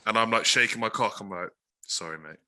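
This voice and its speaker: A man's voice: fairly low pitch, fairly even intonation, fast talker, bright, forceful tone. A man co-hosting a podcast, telling a laid-back, sweary anecdote in casual chat. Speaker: podcast co-host.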